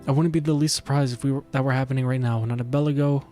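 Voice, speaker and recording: A man voicing a wary, scheming male merchant in a low, confiding tone, reading game dialogue aloud. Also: fairly even intonation, rapid-fire, mellow, faint music behind, close to an everyday voice.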